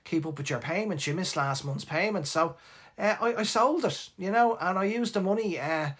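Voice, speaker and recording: A man's voice: high-pitched, normal speed, fairly bright tone, slightly rough, pitched above the performer's own voice. A blunt, teasing father, middle-aged, who mocks and lectures in a matter-of-fact way, as a man puts him on. The voice sits well above the speaker's own. He sounds sure of himself. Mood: mocking.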